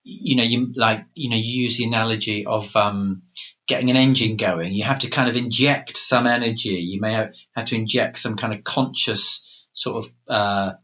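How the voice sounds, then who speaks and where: On a dull, lo-fi recording, a lowish male voice holds a steady tone at normal speed while sounding bright and forceful. He's a middle-aged coach co-hosting a podcast, reflecting thoughtfully but hesitantly and using plenty of fillers.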